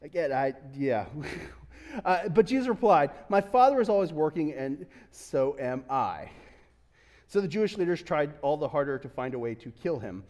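A man's voice: a little high, animated, normal speed, darkish tone, in a large hall. A man preaching a casual sermon as pastor, chatty and joking, laughing often and restarting his sentences. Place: church sanctuary.

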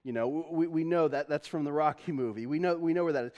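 A middle-aged man with a notably high voice delivers a loose, conversational sermon in a church. He jokes with his listeners and laughs often as he talks. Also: fast talker, darkish tone, highs cut off. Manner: chatty and joking, laughing often. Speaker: pastor.

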